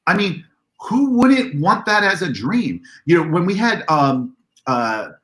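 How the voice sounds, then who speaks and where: A man on a video call, telling convention stories in an animated way and acting out the dialogue in a raised voice. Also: fairly high pitch, unhurried, echoey room. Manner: excitable, acts out dialogue in a raised voice. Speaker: convention organizer guest. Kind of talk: animated storytelling on a livestream.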